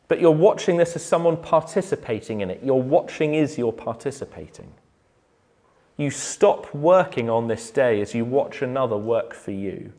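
A man preaching a sermon, earnest, building to loud emphatic points and then dropping to a soft, low close.

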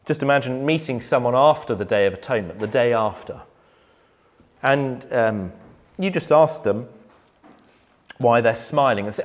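Guy preaching, earnest, gets loud on the big points then goes soft and low. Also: lively intonation, moderate pace. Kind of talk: sermon.

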